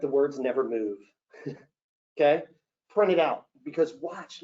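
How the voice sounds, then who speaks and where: A man running an acting Q&A as a casting director, coaching actors in an animated way and acting out example lines. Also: fairly high pitch. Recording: dull lo-fi session recording.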